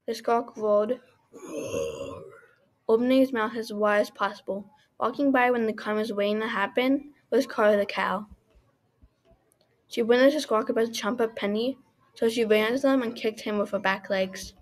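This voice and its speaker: A woman reading a homemade story aloud, halting at times with restarts. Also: on the high side, steady tone.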